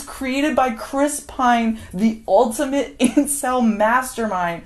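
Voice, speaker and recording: A woman's voice: fairly high pitch, takes it slowly, few pauses, slight background noise. A woman giving an unscripted, rambling movie recap, often laughing as she acts out scenes. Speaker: film commentator.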